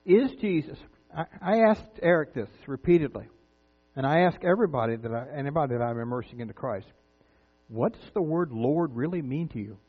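A man's voice: fairly high pitch, expressive, brisk, slightly rough. A preacher, a man in his fifties or older, giving an earnest, conversational sermon full of rhetorical questions. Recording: tinny phone-like sound with mains hum.

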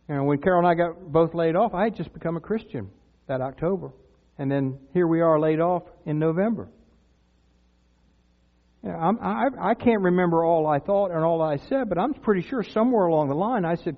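An older man preaching a sermon in a church, earnest and conversational, rising to loud cries when he voices prayers. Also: a little high, a little fast. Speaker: pastor. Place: church sanctuary. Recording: tinny lo-fi sound with long church reverb.

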